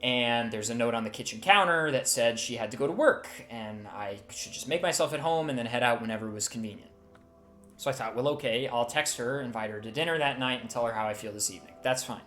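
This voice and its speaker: A man voicing a heartbroken man who tells of his lost love, halting and emotional. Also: medium pitch, a bit bright, close to an everyday voice. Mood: wistful. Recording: roomy echo, faint music.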